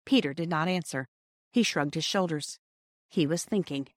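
A woman's voice: sits low, normal speed, dry recording. Woman reading a storybook, dry sound. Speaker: audiobook reader. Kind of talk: storybook narration.

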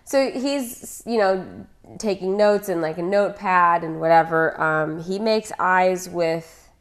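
A woman with a somewhat low voice co-hosts a casual podcast. She jokes in a dry, bantering way and keeps the talk moving along. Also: slow. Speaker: podcast co-host. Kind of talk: casual chat.

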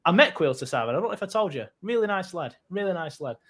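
A man's voice: high-pitched, big pitch swings, fast talker, a bit bright, husky. A young man hosting a casual football podcast, chatty and swearing freely as he plugs the show. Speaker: podcast host.

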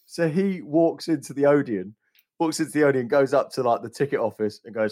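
A man's voice: medium pitch, brisk, warm tone. Chatty male podcast guest. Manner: chatty, laughs through anecdotes. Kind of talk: casual chat, storytelling.

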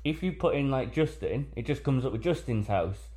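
A man co-hosting a podcast tells stories animatedly in a casual chat, laughing often. His pitch is medium and his pace moderate.

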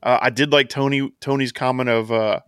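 Smooth-voiced man recapping on a podcast. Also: mid-range voice, steady tone, a little fast, a bit bright, no room sound, studio quality. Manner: chatty recap, laughing at bits, acting out quotes. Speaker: podcast co-host. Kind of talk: casual wrestling podcast recap.

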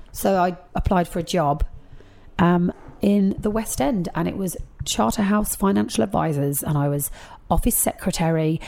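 A woman, a guest chatting casually and telling lively stories with quick asides. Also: lowish voice, vocal fry. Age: 30s. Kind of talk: casual chat.

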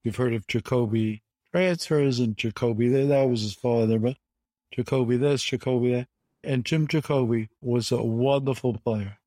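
A man in his seventies from the United States, a guest telling animated stories with emphatic repetition in an interview. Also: mid-range voice, normal speed, dry recording. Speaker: guest, bridge champion. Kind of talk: conversational storytelling interview.

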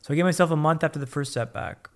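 A man's voice: fairly high pitch, very fast. A man telling his own story as a podcast guest, blunt and upbeat, swearing freely. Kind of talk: casual candid storytelling.

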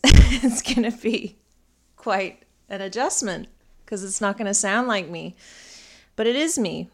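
A woman's voice: medium pitch, unhurried. A woman from northern England who speaks with an American accent, talking in a chatty, rambling podcast monologue full of ums. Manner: chatty, rambling, frequent ums and light laughs. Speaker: astrologer and podcast host. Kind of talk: casual solo podcast talk.

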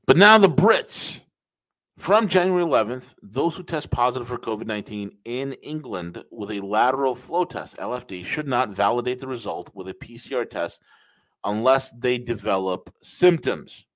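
Male podcast host, emphatic opinion commentary, repeats his points, mid pitch. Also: animated, normal speed, a bit bright, rough recording. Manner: emphatic, repeats phrases, addresses listeners as folks.

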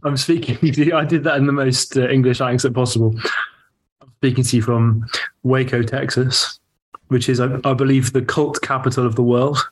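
A man co-hosting a chat podcast remotely over a video call. He talks casually with a wry, joking edge, at a middle pitch. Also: level tone, moderate pace. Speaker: podcast co-host.

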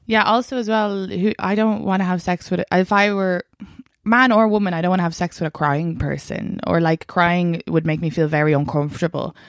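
A woman's voice: lowish voice, steady tone, brisk, no room sound, studio quality. A woman co-hosting a podcast in casual, sweary chat, often laughing as she talks. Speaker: podcast co-host.

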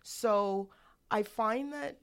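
A woman's voice: fairly high pitch, extremely slow. A woman co-hosting a podcast, telling a story in a rambling, candid way with many restarts. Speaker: podcast co-host. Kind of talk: casual podcast chat.

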